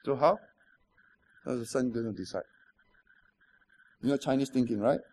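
A man's voice: medium pitch, moderate pace, darkish tone. A man, preaching a sermon with stories, rhetorical questions and emphatic repetition. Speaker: pastor.

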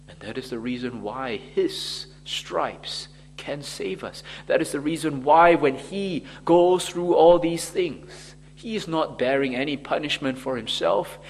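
A man preaching a sermon slowly and emphatically, acting out the mockers in quoted voices. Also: on the high side, big-room sound.

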